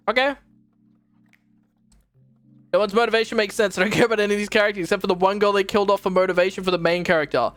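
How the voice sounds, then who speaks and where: A woman's voice: lowish voice, no echo. A young woman streaming, giving casual, profane and exasperated reaction commentary on a show. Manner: exasperated, profane, animated retelling.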